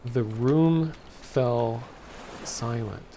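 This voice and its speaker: A man reads a story aloud very slowly, stopping and correcting himself mid-sentence. His voice sits in a middle register. There is faint ambient hiss behind him. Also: mid-range voice, warm tone. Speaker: streamer. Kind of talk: reading an AI-generated story aloud live.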